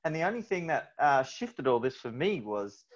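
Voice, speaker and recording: Male host, halting and candid, slightly muffled recording. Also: mid-range voice, sing-song. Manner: halting, with many fillers. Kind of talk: candid personal story. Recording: slightly dull audio.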